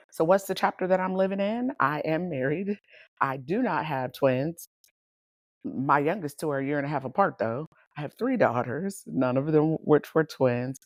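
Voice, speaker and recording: A woman hosting a podcast, telling stories in a lively, animated way, laughing often and calling her listeners y'all. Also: deep voice, no room sound, clean studio sound. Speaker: podcast host and coach. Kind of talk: casual storytelling monologue.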